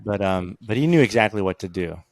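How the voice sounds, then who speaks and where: A man's voice: on the low side, lively intonation, fairly quick, dry recording. A man co-hosting a casual fan podcast, speaking enthusiastically with slang like "dude". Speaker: podcast co-host.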